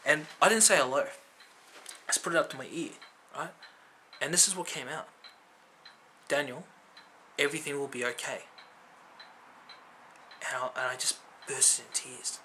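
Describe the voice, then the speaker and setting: A man's voice: on the high side, normal speed, bright, forceful tone, a little hiss or hum, rough recording. A man telling a personal testimony to camera, earnest and conversational, full of fillers and asking "right?" after his points. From Filipino family background. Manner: earnest, conversational, many fillers and tag questions. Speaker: vlogger.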